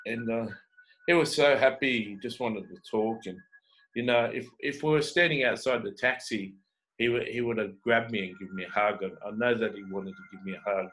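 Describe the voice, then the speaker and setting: A man with a fairly low voice tells his faith stories in a loose, conversational way. He stops and restarts often, leaning on "uh" and doubled words as he goes. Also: fairly bright tone, rough recording. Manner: halting, full of "uh" fillers and repeated words. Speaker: evangelist sharing testimonies. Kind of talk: casual testimony storytelling.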